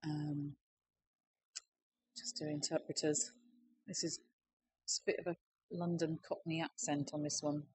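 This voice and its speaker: A woman's voice: low voice, flat delivery, unhurried, long pauses, darkish tone, breathy edge, poor audio. A woman giving a persuasive conference presentation, explaining a campaign with figures. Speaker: conference speaker.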